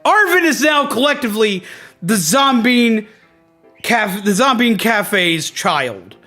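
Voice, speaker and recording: Taking it slowly in a high-pitched voice, this man streams a video game and delivers an animated, profanity-laced rant as casual commentary. Background music is faintly audible.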